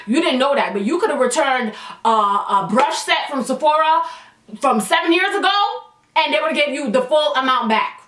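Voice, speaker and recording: A young woman rattles through a casual storytime, high-pitched and bright. She is blunt and swears freely. Her voice rings in an echoey room, a little away from the mic. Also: recorded from a distance. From Canada. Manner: fast-talking, blunt and profane. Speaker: vlogger.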